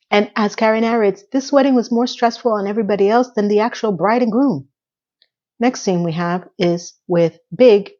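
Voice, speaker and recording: A woman casually recapping a TV episode in a chatty, animated way. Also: medium pitch, lo-fi sound. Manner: animated, acts out quotes.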